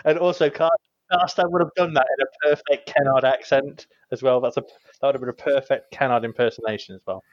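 A man's voice: mid-range voice, steady tone, a little fast. A man playing a tabletop game, earnest and stammering in casual chat. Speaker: player. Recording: dull lo-fi mic.

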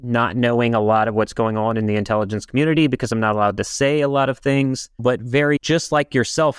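Smooth low-voiced male host. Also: dry recording, studio quality. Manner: earnest, explains at length with restarts. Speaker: podcast host. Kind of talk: casual interview talk.

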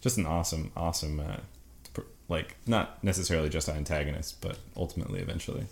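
A man with a very deep, low-pitched voice chats about games on a podcast. He speaks with eager enthusiasm, laughs often and pads his sentences with ums and uhs. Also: fast talker, vocal fry, slight background noise. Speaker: podcast co-host. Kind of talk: casual gaming chat.

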